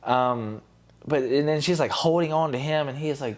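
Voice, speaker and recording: A man's voice: a little high, fairly quick. A young man, a podcast guest, telling a personal story candidly and acting out what others said. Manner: candid, retells scenes with quoted voices. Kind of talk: casual storytelling.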